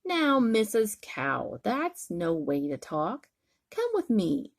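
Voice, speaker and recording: A woman's voice: medium pitch, wildly swooping pitch, takes it slowly, gravelly, no room sound, clean studio sound, heavily acted. A woman voicing a kind, caring male zookeeper in a bedtime storybook. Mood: reassuring. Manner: gentle, reassuring.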